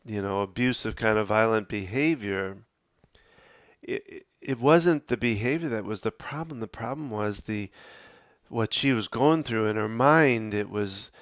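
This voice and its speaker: A middle-aged man hosting a podcast, talking earnestly and reflectively, often halting and restarting as he gives advice. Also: fairly low pitch, no echo. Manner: halting, with frequent restarts and fillers. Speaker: podcast host.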